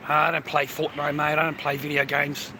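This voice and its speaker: A man's voice: a little high, monotone, moderate pace, background noise. A middle-aged Australian man rambling in a loose, profane way during a casual livestream, talking to his phone and speaking directly to the viewer. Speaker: live streamer. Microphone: phone held while talking.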